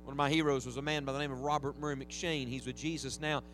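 A man's voice: medium pitch, fairly even intonation, fast, over music. A man preaching a revival sermon to a church congregation, with emphatic rises and humorous asides. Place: church sanctuary.

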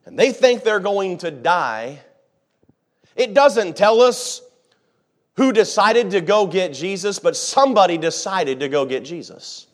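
Lively, high-pitched man preaching a sermon. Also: measured pace. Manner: dramatic, acts out the disciples' panic, swings from quiet to shouting; conversational, jokes with the congregation. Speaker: pastor.

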